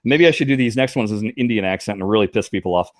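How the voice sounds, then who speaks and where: A man's voice: on the low side, very fast. A man co-hosting a podcast in casual chat, joking and mocking himself. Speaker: podcast co-host.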